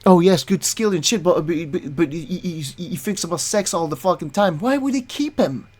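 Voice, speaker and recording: Woman, angry reaction commentary, profane rant, stumbling restarts, very animated pitch. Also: normal speed. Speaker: commentary channel host. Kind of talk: angry reaction commentary, reading a document aloud.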